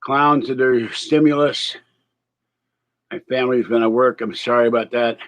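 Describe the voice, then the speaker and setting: A man's voice: mid-range voice, steady tone, normal speed. A man rambling on a casual live stream, distracted and laughing at his own remarks, with a slight cold and a little out of breath. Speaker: vlogger.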